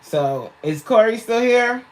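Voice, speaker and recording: She's a fitness coach chatting casually on a livestream, laughing frequently and reading viewer comments aloud into a tablet mic. Her voice is fairly high-pitched and animated, at a slow pace.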